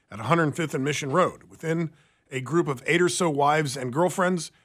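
A male radio co-host with a somewhat high voice talks in casual, opinionated banter. He often stumbles and restarts mid-sentence. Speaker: radio talk show co-host.

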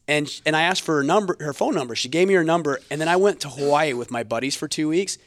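Man, agreeable, casual chat, slightly high pitch, dry recording. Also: quick pace, no echo. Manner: agreeable, frequent short affirmations.

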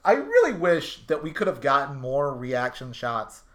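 A podcast co-host chats casually and animatedly, their voice swooping widely up and down. They often jump into high-pitched laughs while riffing on the show. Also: big pitch swings, normal speed. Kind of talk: casual chat.

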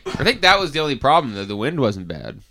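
A man's voice: mid-range voice, sing-song, fast, bright, forceful tone. A man co-hosting a casual beer-tasting livestream, talking loosely and laughing often. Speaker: podcast co-host. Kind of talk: casual chat over beers.

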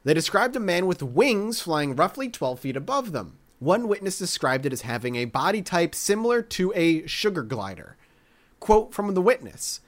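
A man's voice: high voice, big pitch swings, moderate pace, fairly bright tone. A man hosting a podcast, reading a story aloud with jokey asides in casual chat. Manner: jokey, reads quotes with asides. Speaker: podcast host.

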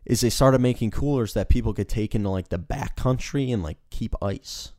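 A young man from Chicago with a Chicago accent, chatting casually in a halting, laid-back way. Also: mid-range voice, a little mellow, dry recording, clean studio sound. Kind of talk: casual chat.

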